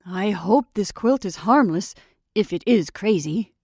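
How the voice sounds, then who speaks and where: A woman's voice: medium pitch, lively intonation, unhurried, dark tone, dry recording, clean studio sound. A woman voicing Jimmy Scarecrow, a timid and anxious scarecrow, in a storybook reading. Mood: worried. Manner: pleading, anxious, raised voice.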